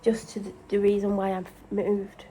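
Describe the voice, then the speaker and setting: A woman's voice: medium pitch, monotone, moderate pace, dark tone, a little hiss or hum, rough recording. Tired, chatty woman in a kitchen. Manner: rambling, chatty, self-deprecating. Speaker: vlogger. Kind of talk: casual chat. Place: home kitchen, indoors.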